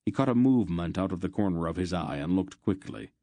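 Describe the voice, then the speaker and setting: A man narrating an audiobook in a steady, measured way. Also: low voice, no echo.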